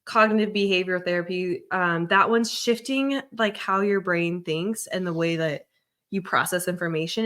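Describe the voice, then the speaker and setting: A woman therapist hosting a podcast, explaining ideas in a lively way with examples. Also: on the low side. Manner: animated, explains with examples, quick laughs. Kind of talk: casual chat.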